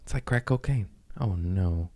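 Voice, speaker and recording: A man with a very deep voice chats loosely on his comedy podcast. He is high and keeps cracking himself up. His talk wanders in a self-mocking, giggly way. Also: expressive, measured pace, dark tone. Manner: giggly, stoned, self-mocking with bursts of laughter. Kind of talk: casual rambling chat.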